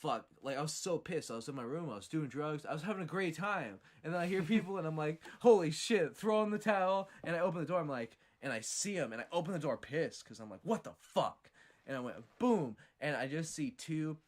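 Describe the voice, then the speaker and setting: A man hosting a podcast who tells stories in a profane, animated way. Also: on the high side, quick pace, few pauses. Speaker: podcast host. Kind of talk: casual storytelling.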